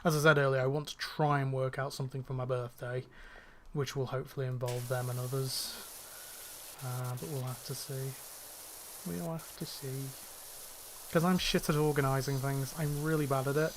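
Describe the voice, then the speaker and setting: This gaming channel host, a young northwest England man with a light, mostly neutral northern accent, chats on in a steady, medium-pitched voice at normal speed. He wanders, restarts and leans on fillers, and a faint hiss or hum sits in the background.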